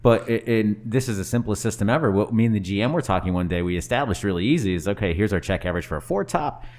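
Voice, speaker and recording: Very fast, deep-voiced male co-host. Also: expressive, darkish tone. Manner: rapid, storytelling, self-deprecating. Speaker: podcast co-host, hospitality teacher. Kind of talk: casual podcast chat.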